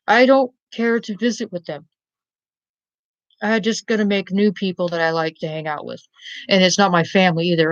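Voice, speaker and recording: A woman's voice: mid-range voice, no echo, dull audio. Blunt, profane woman ranting to camera. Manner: blunt, profane, keeps asking "you know what I mean". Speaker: vlogger. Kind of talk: rambling casual rant to camera.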